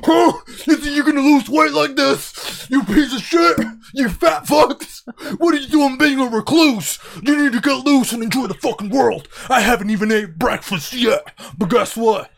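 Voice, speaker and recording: A man putting on the voice of a macho fitness figure who yells profane insults at lazy people. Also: very high-pitched, normal speed, creaky, pitched above the performer's own voice, exaggerated voice. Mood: yelling, scornful. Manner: barking, profane taunts.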